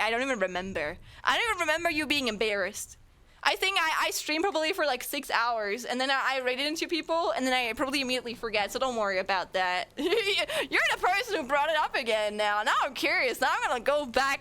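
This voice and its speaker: A woman's voice: high-pitched, bright, forceful tone. A young woman from Germany with a German accent, English not her first language, chatting casually and playfully with her live chat as a streamer. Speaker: Twitch streamer.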